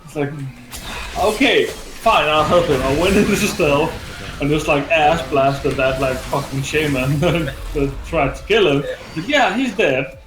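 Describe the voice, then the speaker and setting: A man's voice: a little high, moderate pace. A man telling a gaming story in casual chat, rambling and swearing, with lots of filler words. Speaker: gaming streamer. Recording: echoey room with faint game music.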